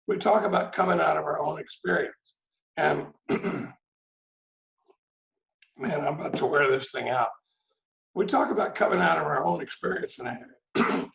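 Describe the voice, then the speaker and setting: A middle-aged man from Texas tells folksy, joking stories at a recovery meeting over a video call. His voice sits high and is deeply gravelly. The sound carries a roomy echo. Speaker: AA meeting speaker.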